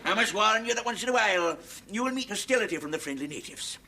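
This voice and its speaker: An actor with a Scottish accent playing a boastful tourism presenter who delivers pun-filled patter in a hearty, declamatory way. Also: male voice, sits high, animated, quick pace. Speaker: comedy sketch actor. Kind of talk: scripted comic monologue. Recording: hissy TV recording, audience laughter.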